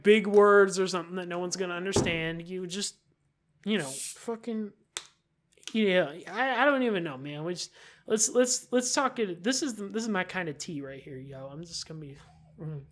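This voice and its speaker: A woman doing let's-play commentary on a visual novel, reacting loudly with profane jokes. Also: medium pitch, moderate pace, a little hiss or hum. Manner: loud, profane, joking reactions. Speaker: gamer.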